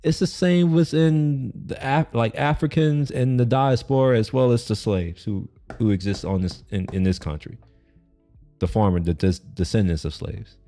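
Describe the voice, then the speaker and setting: His voice medium in pitch and dark in tone, a man moves at a moderate pace while streaming his reaction to a video. He rambles casually, restarting often, using lots of fillers, and laughing frequently. Soft music is playing behind him.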